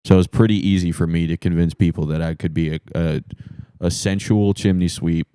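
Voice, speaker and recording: Male comedy guest from New Hampshire, very low and mellow, deadpan delivery of absurd bits. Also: fairly quick, clear, resonant tone, no room sound, clean studio sound. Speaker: podcast guest. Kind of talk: improvised comedy interview.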